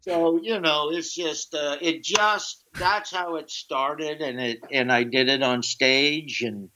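A comedian telling rambling stories in a casual interview, with lots of fillers and quick switches into a drawling character voice for quoted lines. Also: a little high, pushed and bright, slight background noise. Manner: rambling anecdotes, slips into a drawling put-on voice for quotes. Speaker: comedian guest. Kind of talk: casual storytelling. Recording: dull lo-fi sound.

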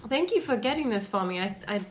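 A woman playing a tabletop game, speaking lively and expressive. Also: mid-range voice, fast, a crowd in the background. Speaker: player. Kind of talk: casual tabletop play.

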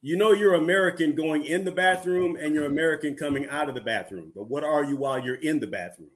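A man's voice: a little high, quick pace. A man co-hosting a podcast, telling jokes as casual stories and drawing out the punchlines. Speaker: podcast co-host.

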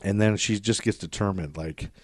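A man's voice: fairly low pitch, normal speed, no echo, clean studio sound. A man hosting a podcast, retelling a story in rambling casual chat and acting out quotes with swearing. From Scottish descent, grew up in America. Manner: rambling, acts out quotes in shifting voices, swears freely. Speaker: podcast host.

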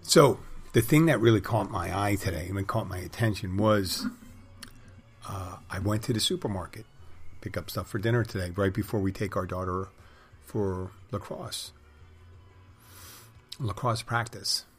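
A man's voice: lowish voice, unhurried, pauses often, husky. A middle-aged man hosting a podcast, telling wry, crude, rambling stories in a casual monologue. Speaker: podcast host.

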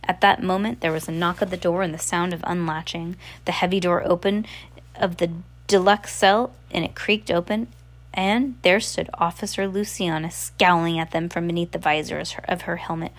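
A woman's voice: fairly low pitch, steady tone, moderate pace. A woman casually reading a novel aloud, often stumbling and rereading words. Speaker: reader.

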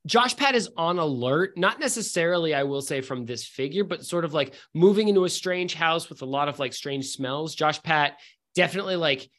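A man narrating a tabletop game as game master, relaxed and hesitant, with many fillers. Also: on the high side, moderate pace.

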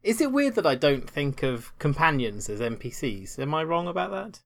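A man's voice: fairly high pitch, very animated, moderate pace, vocal fry, dry recording, studio quality. A man co-hosting a casual podcast, enthusiastic and rambling, often restarting his sentences. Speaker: podcast co-host.

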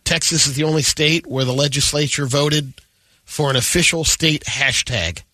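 Man, radio co-host, upbeat, reads news and trivia, bright, dry studio mic. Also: on the high side, normal speed, no room sound. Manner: upbeat, reads fun facts. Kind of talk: morning radio news and banter. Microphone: studio microphone.

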